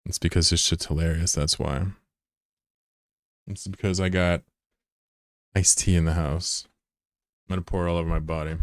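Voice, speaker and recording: A man's voice: sits low, flat delivery, normal speed, long pauses, no room sound. A man in his thirties casually commentating his live gameplay, loose and profane, giggling and bantering with chat. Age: 30s. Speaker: streamer.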